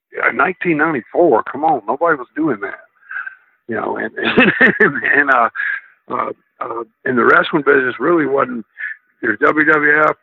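A gravelly, husky-voiced man with a drawl tells his stories in a loose, rambling way, often doubling back mid-thought. He comes through a thin, tinny phone line. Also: mid-range voice, no room sound. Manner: rambling, circling back on himself. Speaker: guest, former wrestler. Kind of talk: casual interview storytelling.

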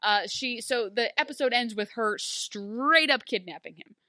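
A woman's voice: fairly high pitch, moderate pace, pushed and bright, no echo, studio quality. A woman casually recapping a TV episode, animatedly acting out the characters' lines and gushing over an emotional scene. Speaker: podcast co-host.

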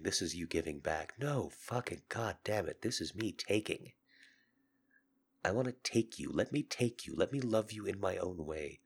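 A deep-voiced man hosts a podcast, his voice sick and hoarse as he delivers an intimate, confessional monologue. He sounds earnest and seductive, moving between loud urging and soft murmurs.

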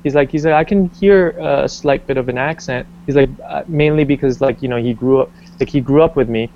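A man's voice: mid-range voice, fairly quick, slight background noise. Rambling young man, slightly muffled. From Canada. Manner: rambling, many restarts and fillers, animated when quoting. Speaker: interviewee. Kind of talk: casual interview conversation.

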